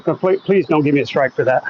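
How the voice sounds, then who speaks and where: Man on a night walk, chatty and wry, slightly high voice, dull phone audio, faint outdoor noise. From Oklahoma, US. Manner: chatty, wry, reads viewer comments aloud. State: a bit out of breath walking uphill. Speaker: vlogger reading live chat. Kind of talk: casual live-stream chat while walking. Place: outdoors on a residential street at night.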